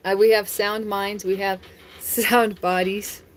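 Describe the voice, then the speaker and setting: A woman's voice: mid-range voice, flat delivery, slow pace. A woman chatting casually on a live stream from home, talking straight to viewers and laughing often.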